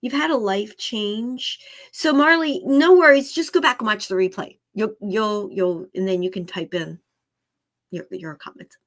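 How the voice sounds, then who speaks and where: A woman's voice: mid-range voice, normal speed, fairly bright tone. A woman working as an animal communicator, giving live readings in a chatty way, often repeating herself and laughing.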